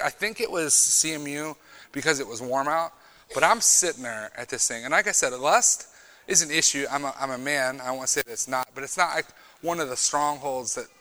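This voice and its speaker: A man giving a youth sermon, preaching emphatically and moving between loud bursts and quiet storytelling. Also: medium pitch, a little fast. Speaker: retreat speaker.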